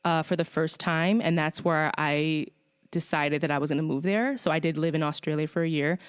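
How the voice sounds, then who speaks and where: A woman's voice: sits low, steady tone, normal speed, clean tone, dry recording, studio quality. A woman hosting a podcast in casual chat, rambling and swearing, with lots of fillers. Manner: rambling, profane, with many fillers. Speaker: podcast host.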